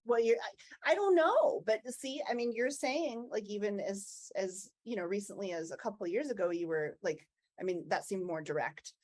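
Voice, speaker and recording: A woman's voice: medium pitch, lively intonation, normal speed, darkish tone. A woman co-hosting a podcast, speaking in an open, reflective and chatty way in casual conversation. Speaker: podcast co-host, agile coach. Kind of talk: casual chat.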